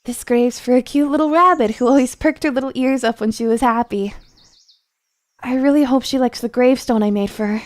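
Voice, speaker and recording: A woman's voice: a little high, fairly quick, no room sound, lightly acted. A woman voicing a shy, earnest boy gravekeeper in a game, speaking a little awkwardly.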